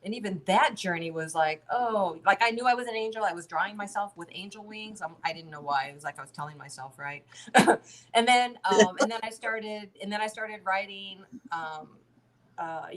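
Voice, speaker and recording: A woman in a relaxed conversation, speaking in a loose, rambling way full of fillers and quick laughs. Her voice sits in a middle pitch. She sounds like she is on a video call. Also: poor audio. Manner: chatty, lots of fillers and laughter. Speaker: guest. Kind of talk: casual chat.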